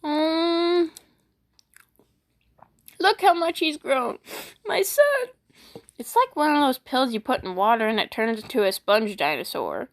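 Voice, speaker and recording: A woman voice actor reading funny internet posts aloud, animated and playful, switching voices often. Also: high-pitched, unhurried, long pauses. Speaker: YouTube voice actor.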